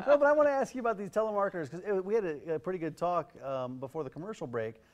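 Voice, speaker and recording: A man's voice: high-pitched, animated, very fast, a little mellow, muffled recording. A man co-hosting a morning TV talk show, asking the guest questions in an upbeat way. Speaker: co-host. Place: TV studio.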